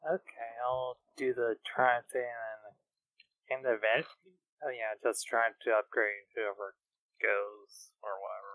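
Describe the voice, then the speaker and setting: A man playing in a tabletop game, speaking in a hesitant, halting way. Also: medium pitch, level tone, fairly bright tone, dry recording, poor audio. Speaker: player. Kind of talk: casual tabletop game chat.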